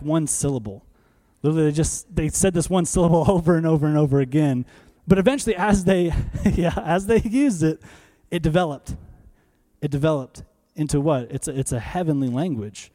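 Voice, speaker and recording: A man in his thirties delivers a sermon, talking to the congregation as if chatting with them and firing off rhetorical questions. His voice sits a little high, yet its tone is mellow and warm. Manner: animated, conversational preaching with rhetorical questions. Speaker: pastor.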